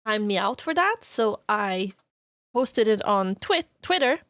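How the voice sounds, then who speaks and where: A woman livestreamer chatting casually with her viewers, playful and quick to laugh as she greets them by name. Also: medium pitch, big pitch swings, a bit bright, no room sound. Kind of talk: casual chat with stream viewers.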